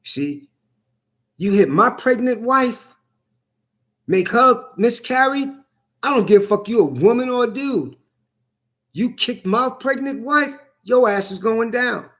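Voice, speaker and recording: High-voiced man on a profane rant. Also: expressive, measured pace, pauses often, fairly bright tone. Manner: profane, heated, repetitive. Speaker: vlogger. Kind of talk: angry ranting monologue.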